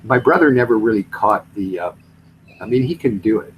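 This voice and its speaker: A man's voice: fairly low pitch, expressive, a little fast, dull audio, slight background noise. A man with a Lancashire accent, chatting casually and rambling with many fillers and restarts. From Burnley, England. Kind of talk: casual chat on a call.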